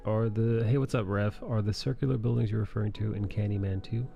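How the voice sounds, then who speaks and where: A man's voice: on the low side, steady tone, fast, creaky, muffled recording, soft background music. Laid-back swearing male stream host. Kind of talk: casual chat.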